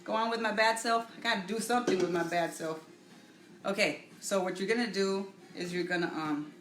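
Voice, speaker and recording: A woman's voice: mid-range voice, noisy background. Chatty woman hosting a home cooking stream. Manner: casual, halting, greets viewers by name while cooking. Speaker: cooking show host. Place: home kitchen. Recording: echoey room with faint music.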